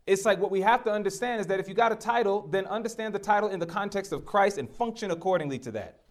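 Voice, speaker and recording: A man's voice: sits high, fast. A middle-aged man preaching a sermon, emphatic and direct, throwing rhetorical questions at his congregation.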